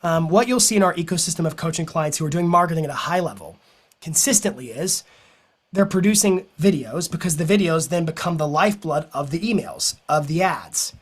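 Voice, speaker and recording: Energetic man giving a coaching talk. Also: fairly high pitch, brisk, breathy edge. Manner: energetic, persuasive, storytelling. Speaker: business coach and speaker. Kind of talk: motivational talk to a live audience.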